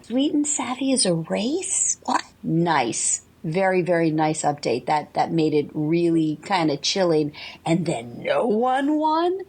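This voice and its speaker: Gravelly-voiced woman caller from Maine. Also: lowish voice, darkish tone. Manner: chatty, exclamatory, opinionated. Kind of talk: recorded voicemail fan review.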